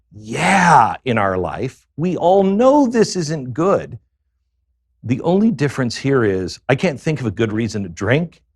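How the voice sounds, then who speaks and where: A man being interviewed as a guest, telling a confessional personal story in a halting way, with many pauses and fillers. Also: mid-range voice, no echo, studio quality.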